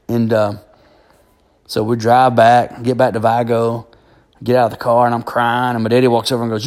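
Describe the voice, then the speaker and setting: A man's voice: medium pitch, normal speed. Rambling man telling a story. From Alabama. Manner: rambling, animated, full of fillers and restarts. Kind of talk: casual storytelling.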